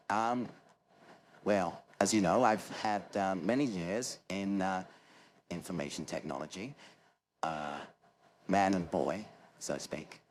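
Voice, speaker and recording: A man's voice: lowish voice, slight background noise. A British man putting on the voice of an awkward, nerdy IT worker with a nasal twang.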